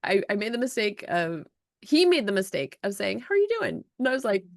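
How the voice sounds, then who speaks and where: A woman hosting a podcast, telling an emotional story in an animated way, with frequent restarts. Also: mid-range voice, a little fast, no echo, clean studio sound. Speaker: podcast host and self-published author. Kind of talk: casual storytelling chat.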